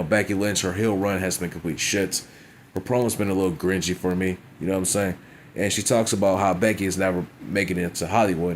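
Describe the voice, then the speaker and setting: Man, low voice, wrestling review rant, crude and blunt, light background hiss. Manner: blunt, profane, frequent "you know what I'm saying". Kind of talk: casual profane rant.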